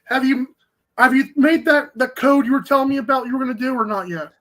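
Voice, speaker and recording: A man hosting a sports talk show, joking in quick casual banter with an energetic manner. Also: very high voice. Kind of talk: casual chat.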